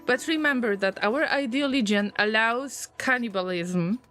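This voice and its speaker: A woman streaming a game, chatting casually with viewers, easily distracted and prone to sudden excited alarm. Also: on the high side, moderate pace, faint music behind. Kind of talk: casual live-stream gameplay commentary.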